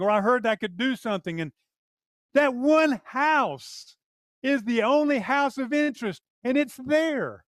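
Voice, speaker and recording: A man's voice: extremely high pitch, no room sound. An older man preaching a sermon, telling a personal testimony and acting out the dialogue in his story. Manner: animated storyteller, acts out dialogue. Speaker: pastor.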